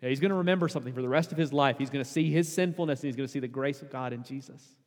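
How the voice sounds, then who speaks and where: Conversational preacher in a reverberant hall. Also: male voice, medium pitch, racing, darkish tone. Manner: conversational preaching, rising to emphatic peaks. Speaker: pastor. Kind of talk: sermon.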